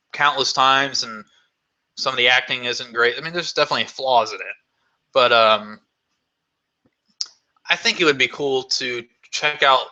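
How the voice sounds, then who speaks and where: A man's voice: medium pitch, bright, forceful tone, highs cut off. A man vlogger hosting a live Q&A, chatting casually in a rambling, enthusiastic way with lots of fillers.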